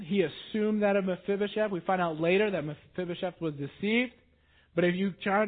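A man preaching a sermon, retelling scripture in a casual, conversational way. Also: high voice. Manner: conversational storytelling, lively. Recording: tinny phone-like sound.

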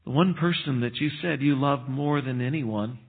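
Male preacher, animated storytelling sermon, narrow tinny recording. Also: medium pitch, moderate pace, gravelly, slightly rough. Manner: animated storytelling with asides and chuckles. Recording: tinny phone-like sound.

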